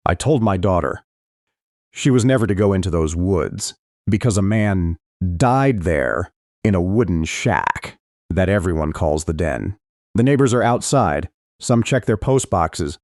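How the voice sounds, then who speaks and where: A deep-voiced man reads a suspense audiobook in the first person, with dramatic emotion. His pitch rises and falls widely. The sound is close and dry. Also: darkish tone, no room sound. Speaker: audiobook narrator.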